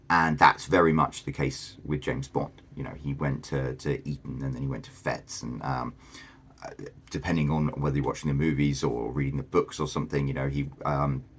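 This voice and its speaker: A man's voice: rumbling low, fairly even intonation, normal speed, slight background noise. A man, explaining things casually to camera as a vlogger, thinking aloud with fillers and restarts. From England.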